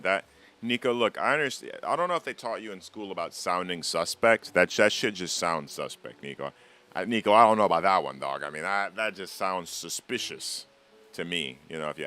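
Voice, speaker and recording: A man's voice: sits low, pushed and bright. A man streaming a game live, chatting casually with his viewers in a rambling, teasing way and swearing freely. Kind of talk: casual live-stream chat while gaming.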